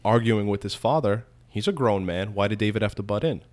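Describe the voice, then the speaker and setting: A man's voice: lowish voice, a little fast. A man co-hosting a casual podcast chat, rambling and questioning with many restarts. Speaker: podcast co-host.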